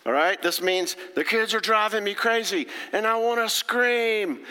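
A man's voice: a little high, expressive, unhurried, pushed and bright, clean tone. A middle-aged man, a therapist giving a folksy, chatty talk to an audience and checking in with them often. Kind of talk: lecture to an audience. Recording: long hall reverb.

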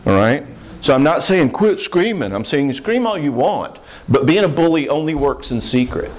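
A man counseling a live audience in a Q&A, plainspoken and animated, acting out short quoted voices. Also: fairly high pitch, moderate pace. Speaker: counselor answering audience questions.

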